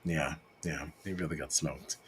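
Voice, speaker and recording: A man co-hosting a casual podcast chat in a relaxed, wry way. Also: very deep voice, measured pace, slight background noise. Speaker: podcast co-host.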